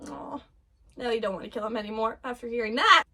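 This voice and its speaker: A woman reacting to an anime episode in casual commentary, giggling often and gushing excitedly in broken-off fragments. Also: a little high, fast talker, vocal fry.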